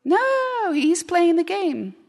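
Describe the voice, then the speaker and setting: A woman preaching a lively sermon, animated and often asking the audience questions. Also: on the high side, a little slow, long reverb tail.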